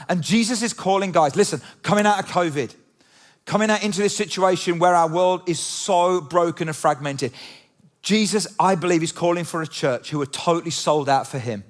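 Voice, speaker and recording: Man, high-pitched, lively conversational sermon, church stage mic. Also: brisk. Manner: animated, conversational preaching with rhetorical questions. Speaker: pastor. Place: church auditorium.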